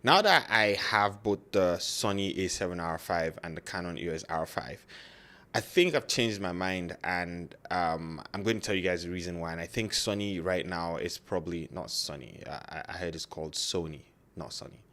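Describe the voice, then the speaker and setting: A man with a deep, very low voice and a non-native English accent talks casually to camera about photography gear. He rambles and corrects himself, with lots of fillers and restarts, in relaxed vlog fashion. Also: normal speed. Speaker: photography YouTuber.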